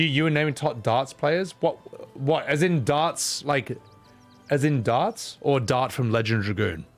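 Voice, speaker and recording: A man streaming a video game, chatting casually and profanely with his viewers, often slipping into mock voices. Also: medium pitch. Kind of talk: casual gaming commentary.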